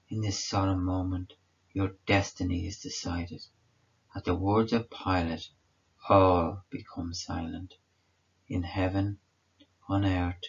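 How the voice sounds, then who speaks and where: A man reads a devotional meditation in a solemn, prayerful way. His voice is very deep and husky with a gravelly edge, and it is heard through a dull lo-fi recording. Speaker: devotional reader.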